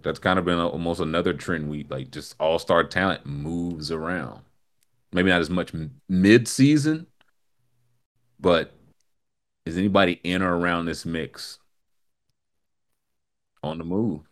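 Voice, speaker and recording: A man's voice: low voice, a little slow, long pauses. A man hosting a casual sports talk show, reading listener picks and laughing easily as he talks. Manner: laughs often, animated and bouncy delivery. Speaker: host.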